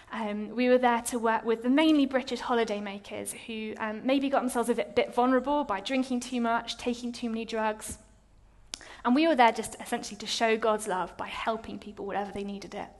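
Young woman preacher, slightly high voice, candid, self-deprecating storyteller. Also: a little fast. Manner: animated, self-mocking storytelling with laughs. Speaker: speaker giving a testimony. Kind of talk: personal testimony sermon.

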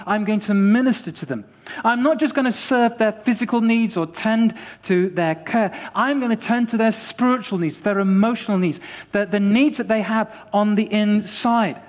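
A man preaching to his congregation with a high, bright-sounding voice. He drives his points home through repetition, swinging between quiet asides and lifted calls to action. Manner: animated preaching with repetition and acted-out dialogue. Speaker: pastor. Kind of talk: sermon.

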